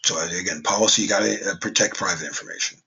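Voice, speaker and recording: A man's voice: low-pitched, racing, vocal fry, pushed and bright, lo-fi sound. A man teaching a class in a casual, conversational way, with joking asides. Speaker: instructor. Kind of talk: classroom lecture.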